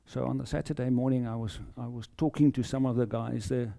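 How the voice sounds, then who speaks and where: A South African man shares a faith testimony in a deep, very mellow tone. He speaks earnestly and haltingly, often repeating words as he feels his way through the story. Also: fairly even intonation, creaky. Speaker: lay preacher giving testimony. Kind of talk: personal testimony in a sermon.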